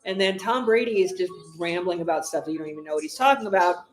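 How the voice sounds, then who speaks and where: A woman's voice: fairly low pitch, fast. A woman hosting a livestream, chatting casually and reacting with exasperation as she watches a football game. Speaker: livestream host. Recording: roomy echo.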